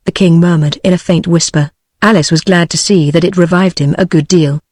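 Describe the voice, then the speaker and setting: A text-to-speech voice narrating a storybook audiobook, with a flat synthetic delivery. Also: medium pitch, brisk, no room sound.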